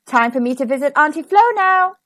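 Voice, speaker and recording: A woman's voice: sits high, a little fast, fairly bright tone, no room sound. A woman voicing a kind, cheerful witch in a storybook. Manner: cheerful, reassuring. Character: kind, helpful young witch.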